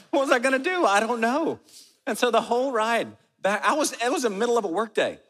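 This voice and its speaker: A middle-aged man preaching a sermon as pastor, moving from prayer into an animated, lively story. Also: sits high, a little fast, pauses often. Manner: animated storyteller, acts out quotes. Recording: hall reverb.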